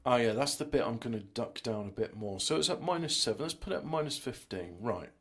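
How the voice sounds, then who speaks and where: A man's voice: mid-range voice, lively intonation, a little fast, a little hiss or hum. A man chatting casually while editing audio as a music producer, rambling and mocking himself as he thinks aloud. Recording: music playing loudly alongside.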